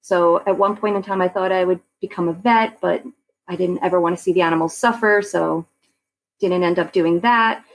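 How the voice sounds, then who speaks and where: A woman's voice: on the low side, fairly even intonation, moderate pace, rough recording. A woman in her forties from Long Island, chatting as a podcast guest with easy laughs and many fillers. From Long Island, New York. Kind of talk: casual interview chat.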